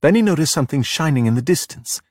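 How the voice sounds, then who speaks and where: Man, middle-aged, storybook narration, husky tone, dry close sound. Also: on the high side, quick pace, no room sound. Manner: steady, plain storytelling. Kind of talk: storybook read-aloud.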